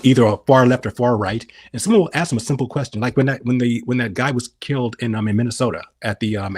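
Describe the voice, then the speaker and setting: A man's voice: mid-range voice, slightly rough. A middle-aged man on a podcast explaining scripture, asking and answering his own questions. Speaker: podcast guest.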